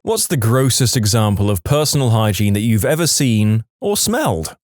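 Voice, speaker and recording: Lively man reading reddit stories. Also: mid-range voice, normal speed, no room sound, studio quality. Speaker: reddit story narrator. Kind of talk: reading reddit posts aloud.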